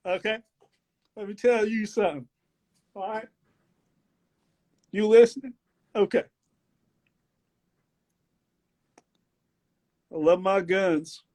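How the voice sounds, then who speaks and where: Brash, bragging Southern country boy, high-pitched and loud, as a comedian puts him on. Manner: swaggering, boastful, repeats catchphrases. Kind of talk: comedy impression on a live stream.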